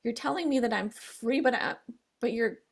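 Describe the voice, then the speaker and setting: A woman's voice: on the high side, moderate pace. A woman co-hosting a casual podcast chat, reflectively talking through her feelings and past experiences. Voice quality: gravelly, husky. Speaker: podcast co-host.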